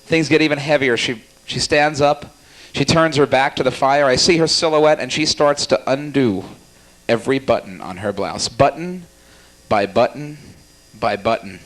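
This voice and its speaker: A young man doing stand-up comedy at a small cafe, teasing the audience in a rapid, jokey way. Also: mid-range voice, a bit bright. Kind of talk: stand-up comedy with crowd work.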